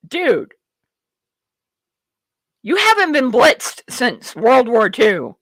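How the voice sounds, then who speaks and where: A woman host with a high, bright voice ranting bluntly through a livestream commentary. She curses freely and rambles with restarts. Her pitch swings all over the place while she keeps an unhurried pace. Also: huge pitch swings, no echo. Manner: rambling with restarts and self-talk. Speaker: show host.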